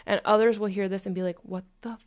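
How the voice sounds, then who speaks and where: A woman's voice: medium pitch, level tone, quick pace, clear, resonant tone. A young adult woman hosting a podcast, talking through self-help tips in a candid, casual way, swearing freely and acting out her inner dialogue. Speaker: podcast host.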